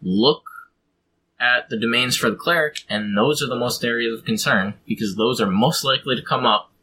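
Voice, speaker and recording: A man's voice: mid-range voice, moderate pace, pushed and bright, slight background noise, poor audio. A man in casual chat, explaining how to build a fantasy pantheon, rambling with frequent ums. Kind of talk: casual chat about tabletop game design.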